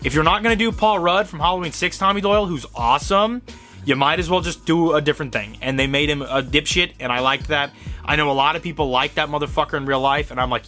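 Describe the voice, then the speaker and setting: A young man hosting a show, giving a profane, rambling, excitable fanboy review of horror movies. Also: a little high, fast talker, faint music behind. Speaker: host.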